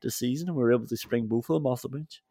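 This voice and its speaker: A man's voice: mid-range voice, very fast, warm tone, no echo, clean studio sound. A man co-hosting a football podcast, chatting casually with laughs and restarts. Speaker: podcast co-host.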